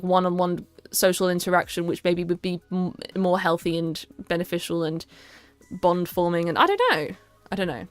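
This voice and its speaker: A woman's voice: lowish voice, a bit bright, clean tone, no echo. A young woman streaming a casual chat, rambling and stammering with lots of restarts.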